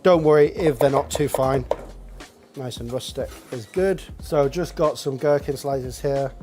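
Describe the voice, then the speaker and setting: A man with a British accent, a chef calmly talking through a cooking demonstration step by step. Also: medium pitch, measured pace. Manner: calm step-by-step instruction. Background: faint background music.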